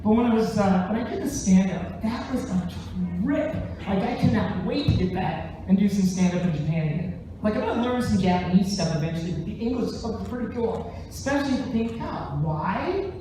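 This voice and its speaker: Animated male comic in an echoey theater. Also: high voice, brisk, background noise. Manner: animated, jumps into voices. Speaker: stand-up comedian and musician. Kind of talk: stand-up storytelling. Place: large theater stage, live show. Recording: very echoey theater, distant mic.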